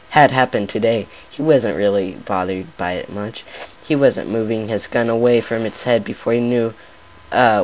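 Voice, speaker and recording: A man's voice: on the low side, a little hiss or hum, low-quality recording. A man casually reading a fan fiction story aloud, often stumbling and restarting his words. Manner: stumbling, many fillers and restarts. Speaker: story reader.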